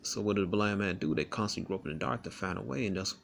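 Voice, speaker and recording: A man's voice: low-pitched, very fast, vocal fry, slight background noise. A man reading Bible verses aloud and explaining them in a casual, rambling way, often tagging "man, all right?" onto his sentences. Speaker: scripture teacher. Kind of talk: casual scripture study talk.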